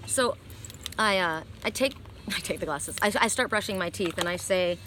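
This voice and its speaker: A woman's voice: lowish voice, normal speed, bright, forceful tone, a little hiss or hum. A woman oracle card reader telling her viewers a story in an earnest, emphatic way, recorded outdoors. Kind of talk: casual spiritual talk to viewers.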